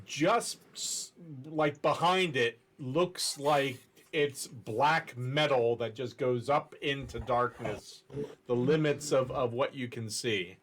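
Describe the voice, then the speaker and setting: A man's voice: medium pitch, slow, a bit bright, a little hiss or hum. A man narrating as game master in a casual, patient way, with loose fillers as he explains where the players are going.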